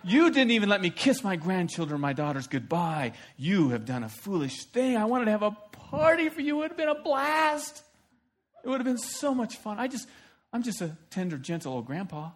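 Preacher putting on a high, wheedling old schemer. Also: male voice, sing-song, moderate pace. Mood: mock-sweet. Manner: exaggerated, wheedling, giggling. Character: scheming old male father-in-law, mock-sweet. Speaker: preacher acting out a scripture figure.

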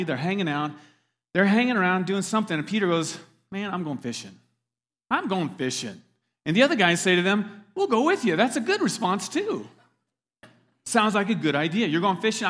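A male pastor preaching in a casual, conversational way with a slightly higher-than-average voice. He speaks emphatically and often turns to ask his listeners questions. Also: fairly bright tone. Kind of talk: sermon.

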